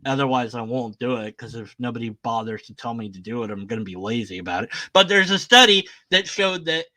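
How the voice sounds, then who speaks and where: A man's voice: medium pitch, lively intonation, fairly quick, bright, forceful tone. A man giving casual, sarcastic commentary on a video, often exclaiming in disbelief.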